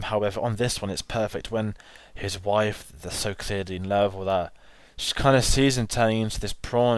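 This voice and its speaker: Guy on a movie podcast, lowish voice, dry close sound, gushing and rambling. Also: smooth, no room sound. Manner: enthusiastic, rambling with restarts. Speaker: podcast co-host. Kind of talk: casual film chat.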